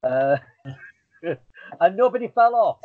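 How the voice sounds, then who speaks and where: A man's voice: high-pitched, sing-song, slow pace. A middle-aged man, a hypnotist guest, telling stories in a rambling, self-deprecating way with many fillers. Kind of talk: casual storytelling interview. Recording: tinny phone-like line.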